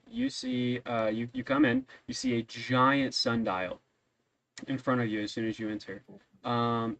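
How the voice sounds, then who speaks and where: A man running a tabletop game, describing scenes in a loose, rambling way full of ums. His voice is mid-pitched and ordinary. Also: poor audio. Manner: casual, rambling, many ums. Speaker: game master.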